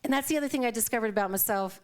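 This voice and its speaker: A middle-aged woman minister preaches a live sermon in a church sanctuary, her fairly high voice clear and resonant as she races along. She tells stories in a chatty, conversational way, acting out the quotes and laughing often.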